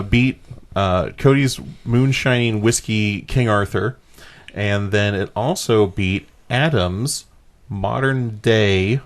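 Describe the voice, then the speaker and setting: A young man hosting a casual podcast, laughing often and explaining game rules with lots of fillers. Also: fairly low pitch. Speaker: host.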